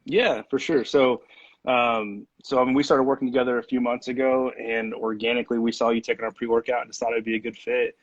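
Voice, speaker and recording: Relaxed man on dull call audio. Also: mid-range voice, fairly quick, no echo. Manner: relaxed, many fillers. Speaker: sponsor representative. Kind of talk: casual chat on a call.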